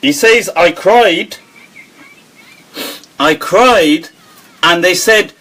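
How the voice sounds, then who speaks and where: A man hosting a live Q&A, talking in an animated way, quoting others and laughing often. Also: high voice, drawn-out words, rough recording. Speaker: host. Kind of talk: live Q&A talk. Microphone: webcam or phone on a live stream.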